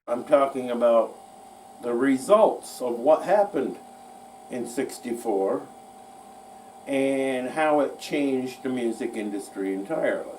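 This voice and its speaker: Slow, rambling man with humming mic. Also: mid-range voice, animated, a little mellow. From United States. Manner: folksy, rambling, self-mocking. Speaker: podcast host. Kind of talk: rambling solo music-history talk. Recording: distant mic with faint mains hum.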